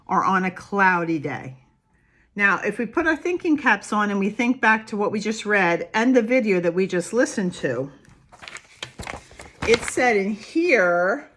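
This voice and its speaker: A woman's voice: medium pitch, fairly bright tone, a little hiss or hum. A woman preschool teacher reading a picture book and explaining worksheets, patient and encouraging, asking the little ones questions as she goes. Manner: slow, patient and encouraging, asks the children questions. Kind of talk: reading a picture book and walking through worksheets for small children.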